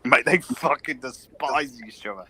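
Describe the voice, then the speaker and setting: A man's voice: mid-range voice, moderate pace, bright, forceful tone. A man with a British accent cracking jokes and spinning stories on a casual podcast. He swears freely and keeps the chat rolling. A faint hum of room noise sits behind him. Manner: joking, swears freely, chatty storyteller. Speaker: podcast co-host.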